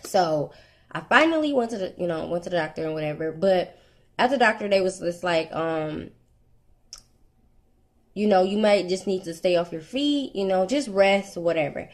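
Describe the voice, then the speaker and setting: A woman's voice: lowish voice, expressive, normal speed. A young woman casually telling her viewers a personal story in a rambling, chatty way, with many fillers and restarts. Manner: candid and conversational, addresses viewers directly. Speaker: vlogger.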